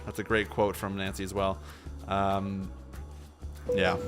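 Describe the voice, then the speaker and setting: A man's voice: sits low, monotone, slow, long pauses, faint music behind. A man livestreaming a detective game, chatting casually, laughing and quoting lines from the series. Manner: playful, quotes lines in silly voices, laughs often. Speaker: streamer playing a detective game.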